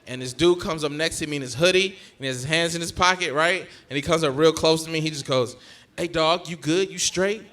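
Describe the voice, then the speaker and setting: Animated high-voiced stand-up comedian. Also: male voice, quick pace, few pauses. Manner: animated storytelling, acting out family members. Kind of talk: stand-up set.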